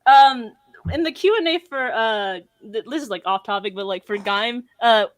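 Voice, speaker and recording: A young man with an American accent, a podcast guest telling a convention story with rambling, excited energy and lots of fillers. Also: very high-pitched, normal speed, dry recording. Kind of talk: excited casual chat.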